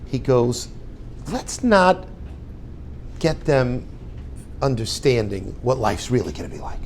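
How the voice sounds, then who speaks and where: An older man, a rabbi and yeshiva head, giving a storytelling talk and acting out the dialogue with lively voices. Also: medium pitch, slow pace, pauses often, slight background noise. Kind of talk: storytelling lecture.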